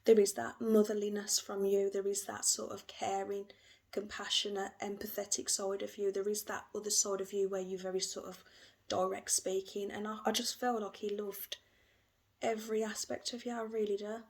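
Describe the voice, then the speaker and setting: Gravelly-voiced woman reading tarot. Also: mid-range voice, little pitch movement, normal speed. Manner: gentle, repetitive, emotional. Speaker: tarot reader.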